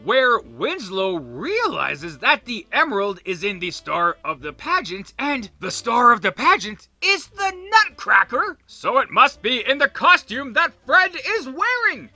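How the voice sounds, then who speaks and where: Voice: medium pitch, sing-song, measured pace, few pauses, sharp tone, no echo, soft background music. A host narrating a cartoon episode recap in a casual, jokey way, full of sarcastic asides and laughter.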